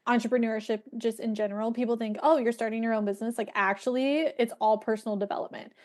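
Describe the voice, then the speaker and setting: A woman's voice: a little high, steady tone, fast talker. A woman hosting a podcast, reflecting in an encouraging, motivational way during a casual chat. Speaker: podcast host.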